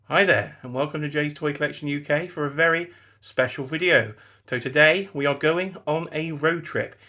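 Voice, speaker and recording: A man's voice: fairly high pitch, normal speed, dry recording, studio quality. An English man hosting a casual road-trip vlog, giving chatty, wry running commentary from a car and then outdoors. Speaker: vlog host. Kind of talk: casual travel vlog narration. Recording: loud road and traffic noise.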